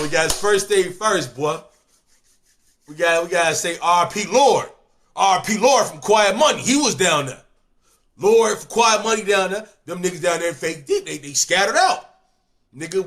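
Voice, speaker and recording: Animated high-voiced Chicago man. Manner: animated, slangy, repeats "you know what I'm saying". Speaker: storyteller. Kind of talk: casual street storytelling.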